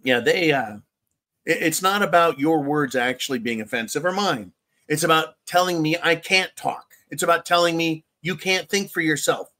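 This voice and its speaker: A man with a somewhat high voice hosts a casual political commentary livestream. He rambles and sounds sarcastic as he reads out viewer comments, chuckling and adding mocking asides. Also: moderate pace, pushed and bright. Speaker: livestream show host reading viewer chat.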